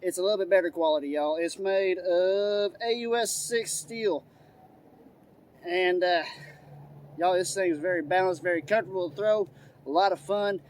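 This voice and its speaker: A man's voice: high-pitched, normal speed, darkish tone, a little hiss or hum, natural voice. A man doing a rowdy, hollering redneck. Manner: hollering, begging, drawling "y'all". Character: excitable loud redneck man, eager and rowdy. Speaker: host. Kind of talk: product review.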